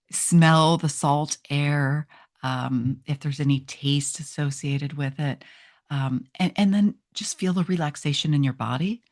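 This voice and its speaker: A middle-aged woman with a low, grounded voice talks through self-hypnosis techniques. She speaks gently and conversationally, often pausing with ums and restarting her sentences as she guides the listener toward relaxation. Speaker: chiropractor teaching self-hypnosis. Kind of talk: instructional talk on self-hypnosis.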